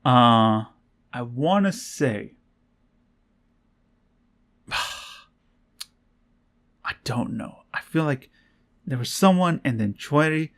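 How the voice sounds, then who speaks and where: A man's voice: medium pitch, expressive, drawn-out words, long pauses, a bit bright. Rambling young man, casual recap. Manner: rambling, swears freely, laughs often, acts out quotes. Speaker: vlogger.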